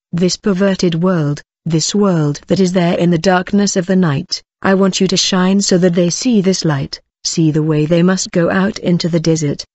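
A speaker solemnly reading a prophetic message aloud in a measured, declaiming way. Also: mid-range voice, a little mellow, no room sound. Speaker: reader of a prophecy. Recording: dull, dry lo-fi recording.

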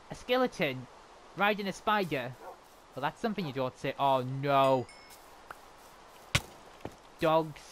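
A man giving excitable, chatty commentary while playing a game. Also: fairly high pitch, takes it slowly, long pauses, slight background noise. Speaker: gamer. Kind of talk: casual gameplay commentary.

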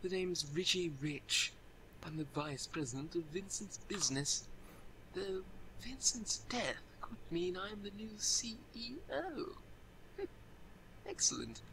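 A man voicing a smug, greedy male executive who speaks in a slow, scheming way. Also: sits high, expressive, sharp tone, full character voice. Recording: distant game audio, faint noise.

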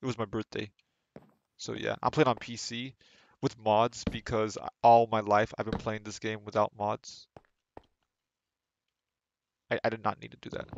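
Gravelly-voiced man rambling on a stream. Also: fairly low pitch, muffled recording, a little hiss or hum. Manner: rambling, stumbling with repeated words. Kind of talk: casual live gameplay chat.

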